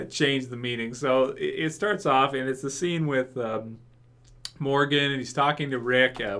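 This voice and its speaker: An English-raised young man talking through a casual reaction video. He rambles, restarts his sentences and breaks into laughter often. His pitch sits in the ordinary middle range for a man. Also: bright, forceful tone. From England. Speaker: YouTube reaction host.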